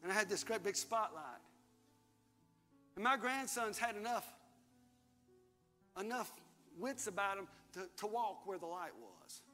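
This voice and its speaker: Faint music plays under long hall reverb as an older male pastor delivers a sermon in a big church hall. His high voice is pushed and bright, a little slow, with long pauses between lines. He reads from scripture and gets the crowd to echo his words back in call-and-response.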